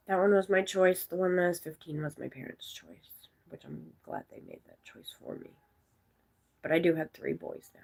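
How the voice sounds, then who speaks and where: A woman's voice: fairly low pitch, lively intonation, moderate pace, gravelly, darkish tone. A woman in her forties from the United States, chatting casually on a live stream, rambling through stories and answering viewers' comments. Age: 40s.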